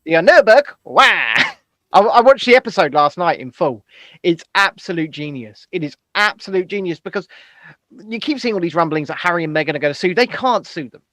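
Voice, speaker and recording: Bright, emphatic male podcast co-host. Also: a little high, expressive, brisk, dry recording. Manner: emphatic, opinionated, frequent restarts. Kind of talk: casual podcast chat.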